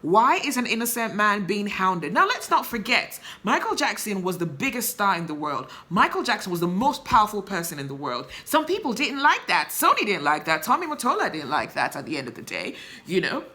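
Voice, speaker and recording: A woman's voice: mid-range voice, very animated, fairly quick, few pauses, pushed and bright. A woman hosting her own show, giving impassioned commentary with emphatic rhetorical questions. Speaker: show host. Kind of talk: opinion commentary to camera.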